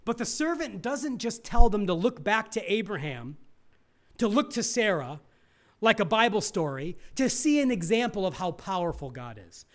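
A middle-aged male pastor preaching a sermon, asking the congregation questions and swinging from loud emphasis to near hushed asides. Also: sits high.

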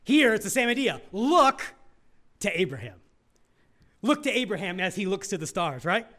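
A middle-aged male pastor with a high, sing-song voice preaches at a normal speed, putting questions to the congregation. He swings between loud emphasis and almost hushed asides.

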